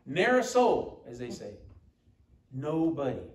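A man's voice: mid-range voice, huge pitch swings, takes it slowly. A man preaching a sermon as pastor, emphatic and quoting scripture. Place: church sanctuary. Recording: echoey church room from far off.

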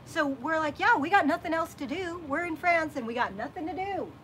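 A woman hosting a casual chat, telling a story in an animated way and acting out what people said. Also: extremely high pitch, fairly quick, rough recording. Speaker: host. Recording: background noise from a nearby worker.

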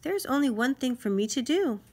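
A woman voicing a polite, gentle male grasshopper on a journey. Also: sits high, expressive, normal speed, voice pushed up. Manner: polite, mild.

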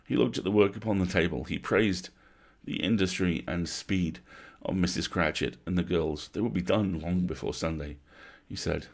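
A man reading a classic story aloud at a measured, atmospheric pace, as a bedtime story. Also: low voice, vocal fry.

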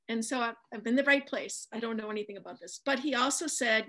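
A middle-aged Midwestern woman, an author guest in a casual interview, spins a long anecdote full of ums. Her voice is on the high side and sharp in tone, moving fairly quickly with few pauses.

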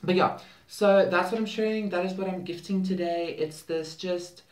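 A man's voice: sits high, moderate pace. Man, earnest spiritual vlogger, effusive and repetitive, echoey room, mic set back. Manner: earnest, effusive, repeats words for emphasis. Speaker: spiritual channel and healer. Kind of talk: heartfelt spiritual vlog talk. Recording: roomy echo, mic at a distance.

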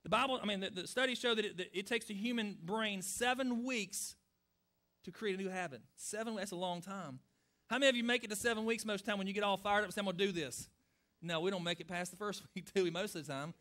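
A man's voice: high voice, fast, bright, forceful tone. A middle-aged male pastor giving a sermon that answers questions from listeners, talking earnestly and conversationally and asking the congregation direct questions.

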